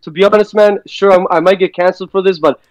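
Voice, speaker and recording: A man's voice: high voice, steady tone, quick pace, rough recording. A man guesting on a podcast, telling stories in a laid-back, slangy way and swearing freely. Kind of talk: casual storytelling chat.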